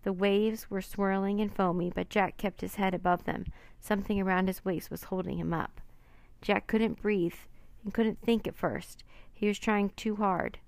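Woman narrator, expressive children's book reading, dry. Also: medium pitch, dry recording. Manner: expressive, dramatic.

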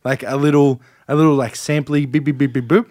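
A man with an Australian accent co-hosting a casual podcast chat, easygoing and quick to laugh. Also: medium pitch, steady tone, a little mellow, no room sound, studio quality. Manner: easygoing, laughs often, agreeable. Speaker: podcast co-host.

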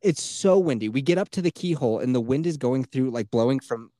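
Animated, swearing young podcast host. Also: male voice, mid-range voice, fairly quick, no room sound, clean studio sound. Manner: swearing, animated storytelling with laughs. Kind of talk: casual chat.

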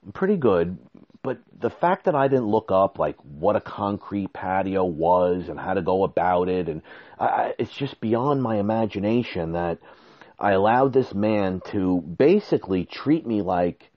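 A man telling a story casually and animatedly, acting out quoted lines with sudden high exclamations. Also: lively intonation, measured pace, highs cut off.

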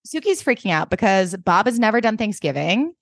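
A woman's voice: mid-range voice, brisk, vocal fry, no room sound. Chatty woman recapping, dry sound. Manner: animated, acts out characters' lines in a raised voice. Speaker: podcast co-host. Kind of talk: casual recap chat.

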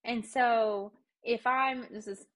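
Quick, high-voiced woman guest explaining. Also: steady tone, fairly bright tone. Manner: quick, eager explaining with many fillers. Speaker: podcast guest. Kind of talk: casual advice chat.

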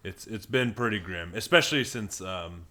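A man with a very low voice talks through sports in a casual podcast. He speaks haltingly, often restarting and trailing off mid-thought. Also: animated, pushed and bright. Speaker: podcast co-host.

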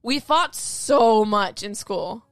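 A woman's voice: medium pitch, lively intonation, takes it slowly, no echo. A young woman in casual chat who laughs a lot and fills her talk with "like".

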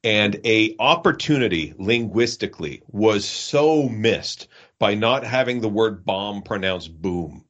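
A man co-hosting a casual comedy podcast, playful and quick to laugh. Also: lowish voice, lively intonation, fairly bright tone. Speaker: podcast co-host. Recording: dull lo-fi sound.

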